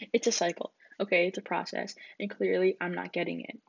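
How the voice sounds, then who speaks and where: A woman's voice: lowish voice, flat delivery, fairly quick, gravelly, hardly any pauses, breathy edge, dry recording. A young woman rambling in a casual solo chat, giggly and full of fillers, on a dull lo-fi recording. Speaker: podcast host.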